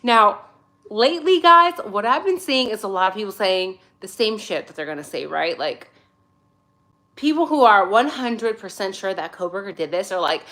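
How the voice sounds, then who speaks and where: A woman's voice: medium pitch, animated, moderate pace, pushed and bright. A woman in her forties whose first language is not English, hosting a casual livestream from her phone, chatty and sassy, tired but caffeinated. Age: 40s. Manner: chatty, sassy, greets viewers by name. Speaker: livestream host.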